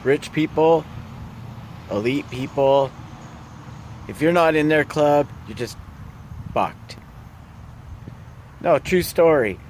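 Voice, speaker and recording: A man's voice: fairly high pitch, expressive, slow, pauses often, a little hiss or hum. A man ranting in a casual vlog, blunt and profane, rambling through his complaints. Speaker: vlogger.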